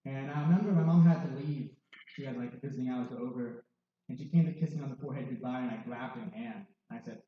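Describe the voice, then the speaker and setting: A man's voice: mid-range voice, fast talker. A young man in his twenties sharing a candid personal testimony with wry, self-mocking humor. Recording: distant, dull, very echoey hall.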